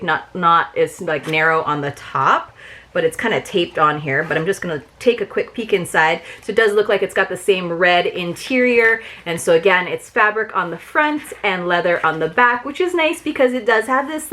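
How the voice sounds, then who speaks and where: A woman's voice: on the low side, fairly bright tone. Woman vlogger, casual unboxing chat, gushing, filler-heavy delivery. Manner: chatty and gushing, many fillers.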